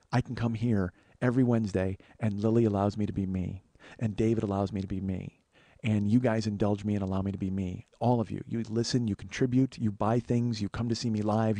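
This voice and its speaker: Man, podcast host, solo storyteller, rapid and profane, closely miked in a dead room. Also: dark tone, dry recording. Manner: profane, earnest, confessional; acts out quoted voices in a higher pitch.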